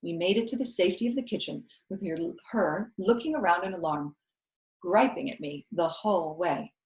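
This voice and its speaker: A woman, a school co-founder, reading a novel aloud in steady storytelling narration. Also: on the low side, normal speed. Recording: roomy echo.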